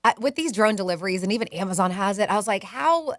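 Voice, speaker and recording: A woman's voice: medium pitch, fairly even intonation, racing, fairly bright tone, dry recording, clean studio sound. A woman co-hosting a radio show, chatting about news and running a call-in contest in an upbeat manner, laughing easily. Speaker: radio co-host. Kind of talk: morning radio chat and contest promo. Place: radio studio. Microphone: studio mic.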